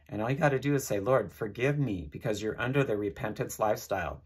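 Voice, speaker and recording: A man's voice: on the low side, quick pace, hardly any pauses, husky. A man giving an informal sermon, earnest and repeating phrases as he leads listeners in prayer. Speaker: preacher.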